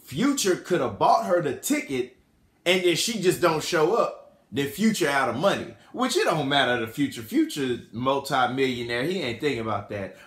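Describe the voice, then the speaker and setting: Animated man telling a story in AAVE. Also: mid-range voice, moderate pace, reverberant. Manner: rambling, self-correcting, animated. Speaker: podcast host. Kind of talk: casual storytelling commentary.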